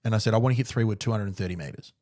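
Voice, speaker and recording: Fast-talking man in casual chat. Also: on the low side, dark tone. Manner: quick, chatty, laughs at his own stories. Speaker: podcast co-host.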